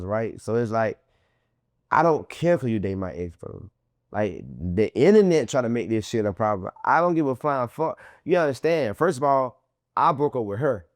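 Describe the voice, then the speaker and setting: Interview guest, male, animated storyteller, heavy slang, dry close mic. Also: mid-range voice, no echo. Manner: animated, profane street slang, acts out quotes. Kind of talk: casual storytelling.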